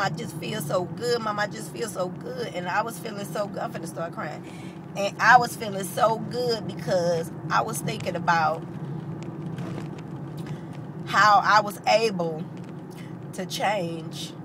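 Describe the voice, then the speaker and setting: Chatty St. woman, noisy car recording. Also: mid-range voice. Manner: animated, profane, chatty. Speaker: mother telling a story. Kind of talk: casual storytelling vlog.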